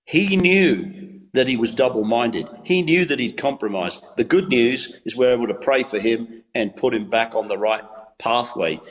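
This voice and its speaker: An English man preaches a devotional, leaning on repeated phrases and a steady, preacherly rhythm. His voice carries a long reverb, as if heard in a large, echoing space. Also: mid-range voice, moderate pace. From England. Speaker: pastor and evangelist. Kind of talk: devotional talk on a Christian TV show.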